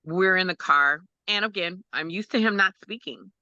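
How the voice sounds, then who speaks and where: A woman's voice: lowish voice, moderate pace, sharp tone, dry recording, highs cut off. A woman telling an emotional personal story as a guest parent, acting out quotes and laughing often. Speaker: guest, parent of an autistic son.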